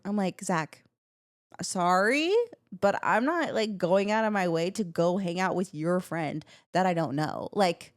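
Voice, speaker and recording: A woman in her twenties, a podcast co-host, chatting casually and telling a story with lively quoted voices. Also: fairly low pitch, measured pace, dry recording, studio quality. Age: 20s. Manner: animated storytelling, acts out quotes. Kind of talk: casual chat.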